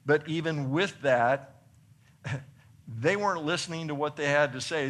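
A man preaching a sermon, reading scripture and explaining it earnestly, building to excited emphasis and then dropping soft for points. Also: on the high side. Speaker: pastor.

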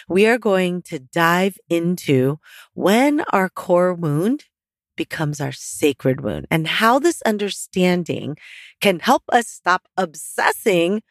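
A woman hosting a solo podcast, hoarse and husky from losing her voice, talking casually with "like" fillers. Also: lowish voice, no room sound, clean studio sound. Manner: casual and chatty, with laughs and "like" fillers. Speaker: podcast host. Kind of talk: solo podcast talk on psychology and mindfulness.

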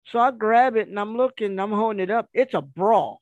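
A man telling a rambling, animated story in casual conversation, acting out the dialogue as he goes. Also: high-pitched, a little fast, dry recording, dull audio. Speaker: guest storyteller.

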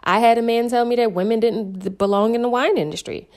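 A woman's voice: a little high, fast talker, a little mellow. A woman sommelier telling her story in a casual interview, candid and chatty, often saying "like". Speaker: sommelier guest.

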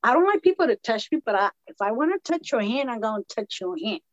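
This podcast guest speaks quickly in a fairly high voice, and the dry recording has its highs cut off. In Latina American English, she casually and animatedly recounts meeting her husband, acting out all the dialogue for the host.

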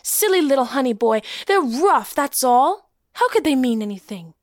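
A woman's voice: high voice, very animated, normal speed, no echo, studio quality. A woman voicing a tender young woman who cares for a small boy, emotional and at times whispering, in an audio play reading. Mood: coaxing.

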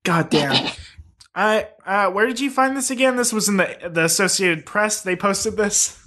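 A man's voice: high voice, measured pace, sharp tone. A man co-hosting a podcast, joking and giggling through casual banter. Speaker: podcast co-host. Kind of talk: casual chat.

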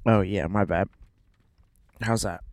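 A man's voice: lowish voice, steady tone, takes it slowly, dry recording. A man in his thirties, chatting casually with his wife while driving, with playful jokes and asides. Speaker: vlogger, father. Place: car.

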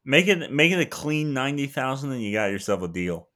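A man's voice: medium pitch, sing-song, a little fast, pushed and bright. A man playing a smug, shady dealer. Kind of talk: improv comedy.

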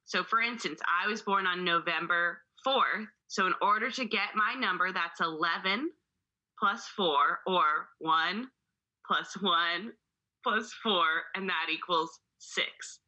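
A woman's voice: lowish voice, slow pace, sharp tone, muffled recording. A woman co-hosting a podcast in casual chat, loose and chatty, swearing and laughing as she goes. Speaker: podcast co-host.

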